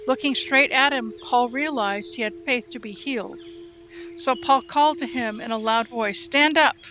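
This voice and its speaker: A woman reading Bible passages aloud in a steady, measured way. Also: on the high side. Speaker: Bible reader. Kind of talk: scripted scripture reading.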